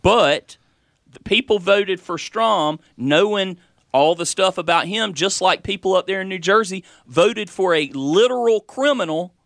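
A man's voice: high-pitched, unhurried, gravelly, a bit bright, no echo, studio quality. Opinionated Southern man, teasing co-host. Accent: Southern American. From South Carolina. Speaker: talk show co-host. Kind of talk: casual political banter.

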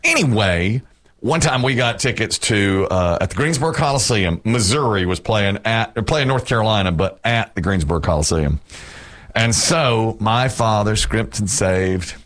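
A man with a low, lively voice hosts a radio talk show. He tells stories with a lilt, jumping up in pitch to act out the people he quotes. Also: normal speed. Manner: animated storyteller, acts out quotes with big pitch jumps. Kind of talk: casual radio chat and storytelling.

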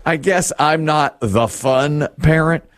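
A man's voice: on the high side, slow pace, no echo, clean studio sound. A middle-aged man hosting a show, telling a wry, self-mocking story in casual chat and laughing often. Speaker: radio show host.

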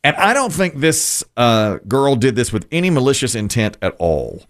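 A man's voice: medium pitch, moderate pace. A man in his fifties hosting a radio talk show, telling long stories and laughing often. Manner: storytelling, animated, laughs often. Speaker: radio host. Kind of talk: casual radio chat.

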